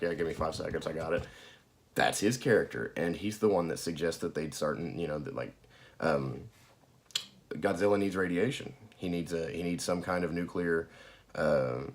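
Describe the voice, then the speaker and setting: Casual guy reviewer, low voice, profane and rambly, lots of ums. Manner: rambling and profane, with frequent fillers and laughs. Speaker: movie reviewer. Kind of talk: casual spoken movie recap.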